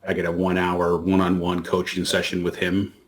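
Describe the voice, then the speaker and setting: A man's voice: low voice, completely flat delivery, a little fast. A man co-hosting a podcast, chatting casually and rambling through a story with lots of restarts. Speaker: podcast co-host. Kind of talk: casual chat.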